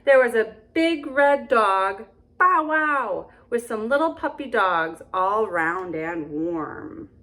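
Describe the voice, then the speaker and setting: A woman hosting storytime who reads a picture book aloud in a slow, sing-song way and keeps asking the little listeners questions. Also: mid-range voice, a bit bright. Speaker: storytime host for young children.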